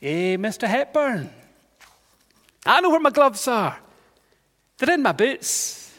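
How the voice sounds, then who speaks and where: A man with a Scottish accent voicing a small boy who speaks softly and plainly. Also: very high-pitched, very animated, takes it slowly, in a large hall, pitched above the performer's own voice, heavily acted. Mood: plaintive.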